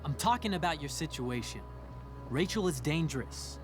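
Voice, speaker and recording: A man plays a controlling teenage boy in a video game, his voice swinging up and down with clingy intensity. He speaks with an insistent, creepy calm and presses his point hard. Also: a little high, normal speed, faint music behind, natural voice. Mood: coaxing.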